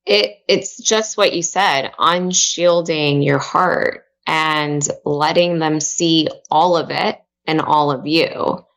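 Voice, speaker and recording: Low-voiced reflective woman guest. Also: fairly even intonation, takes it slowly, hardly any pauses. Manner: soft, open and reflective. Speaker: podcast guest, mindfulness coach. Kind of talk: emotional podcast interview.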